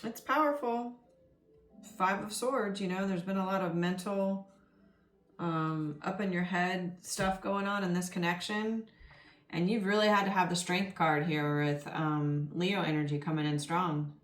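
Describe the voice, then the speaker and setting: A woman gives a casual spoken tarot reading, rambling with lots of "ums" and "you knows." Her voice is on the low side, with fairly even intonation and a slightly slow pace, and the recording has a roomy echo with faint background music underneath.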